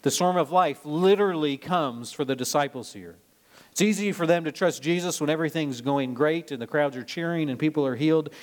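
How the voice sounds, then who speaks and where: A man from Nebraska, a pastor preaching a sermon in a conversational way, mixing scripture with personal anecdotes and lively storytelling. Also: a little high, fairly quick. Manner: lively storytelling, rising when retelling drama.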